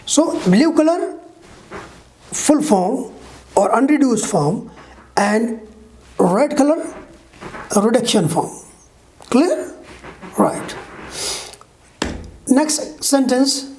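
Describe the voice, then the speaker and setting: A woman teaching English in a video lecture. She speaks slowly and repeats herself, often checking with "okay?" and "clear?". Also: high voice, expressive, mellow.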